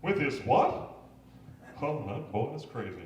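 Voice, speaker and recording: A man putting on a slow, hesitant propane salesman, stumbling over his words between uhs. The room echoes, and the voice sits well back from the mic. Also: mid-range voice, big pitch swings, far from the mic, a crowd in the background. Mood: bewildered. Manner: halting with many uhs. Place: comedy club stage.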